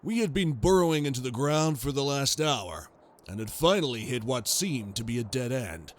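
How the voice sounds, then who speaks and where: A man's voice: mid-range voice, expressive. A man giving a grave, scripted sci-fi horror narration. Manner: slow, grave storytelling.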